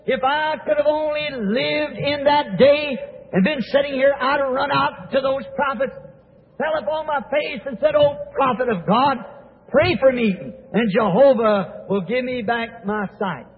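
A man's voice: extremely high pitch, a little slow. A preacher voicing a blind beggar who longs to beg the old prophets for his sight, on a tinny, echoey old recording. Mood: yearning. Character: blind male beggar, pleading and yearning.

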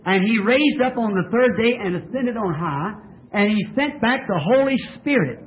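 A man's voice: high voice, expressive, normal speed, slight background noise. A man preaching a sermon in a church, asking the congregation questions and pressing his points emphatically. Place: church tabernacle. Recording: tinny lo-fi old tape.

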